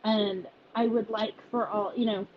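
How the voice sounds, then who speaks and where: A woman who leads a volunteer group, speaking in a halting, emotional personal message with many restarts, close to tears. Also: mid-range voice, steady tone, lo-fi sound, a little hiss or hum.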